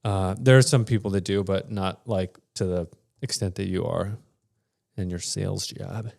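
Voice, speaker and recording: A man's voice: deep voice, fairly even intonation, moderate pace, creaky, darkish tone. A man co-hosting a podcast in casual chat, rambling and restarting often, laughing between thoughts. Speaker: podcast co-host.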